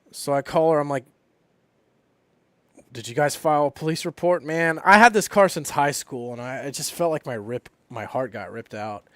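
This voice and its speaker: A man's voice: medium pitch, a bit bright, no echo. A young man live streaming about trading, talking casually and rambling with lots of swearing and fillers. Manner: profane, rambling, frequent fillers.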